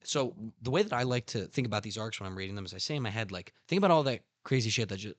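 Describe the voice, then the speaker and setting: Animated young man retelling anime scenes. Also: lowish voice, racing, no room sound. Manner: animated storytelling with slang, acts out character lines. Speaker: podcast host. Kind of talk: casual podcast chat.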